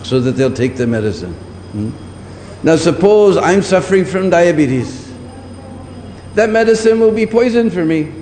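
A man's voice: a little high, animated, normal speed, mellow. A man giving a scriptural lecture, repeating his points and often checking with listeners by asking "hmm?". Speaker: preacher. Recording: long hall reverb, faint background noise.

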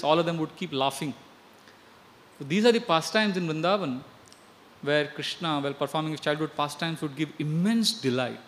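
A man's voice: on the high side, fairly bright tone, a little hiss or hum. A man earnestly telling a devotional story and explaining chanted verses, often repeating himself. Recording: long hall reverb.

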